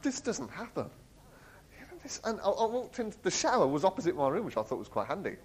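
A man tells a personal story, laughing often and acting out the voices of the people in it. His voice sits a little high. His pitch leaps and drops all through his animated telling. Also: fast, slightly rough, poor audio. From England. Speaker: speaker sharing a personal testimony. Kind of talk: storytelling talk.

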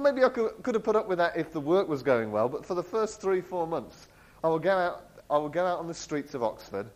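A man telling a personal story in an animated way. He laughs often and acts out the voices of the people he quotes. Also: on the high side, low-quality recording. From England. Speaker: speaker sharing a personal testimony. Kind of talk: storytelling talk.

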